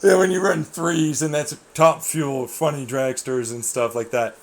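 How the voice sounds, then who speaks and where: Gravelly-voiced young man telling racing stories. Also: fairly high pitch, a little slow. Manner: animated, swearing, laughing often, quoting people in mock voices. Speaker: racer. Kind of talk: casual chat, storytelling.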